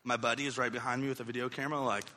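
A man's voice: medium pitch, level tone, racing, bright, forceful tone. A man in his thirties telling a goofy, self-deprecating story as a youth pastor, in a church hall. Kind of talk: storytelling sermon. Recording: echoey hall.

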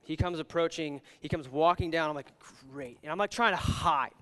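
A man's voice: fairly high pitch, fairly quick, a bit bright, smooth. Young man rambling through a sermon. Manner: rambling, filler-heavy, with many "like"s and restarts. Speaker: youth pastor. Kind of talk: casual sermon with storytelling. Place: church hall. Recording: long reverb of a large hall.

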